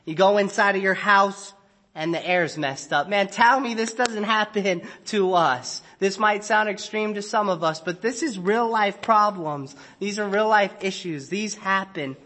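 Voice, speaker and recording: High-voiced man preaching a casual sermon. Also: a little slow, bright, forceful tone. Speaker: pastor. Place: church sanctuary.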